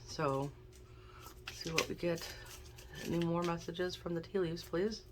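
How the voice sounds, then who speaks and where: With background noise behind her, this intuitive card reader speaks in a lowish, steady voice at a measured pace. She's doing an easygoing tarot and oracle reading, talking and thinking aloud as she draws.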